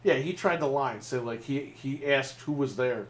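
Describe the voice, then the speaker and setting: A man's voice: mid-range voice, moderate pace. A man co-hosting a gaming podcast, telling stories in casual chat while playing, swearing freely. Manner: swearing, storytelling with laughs. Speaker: podcast co-host.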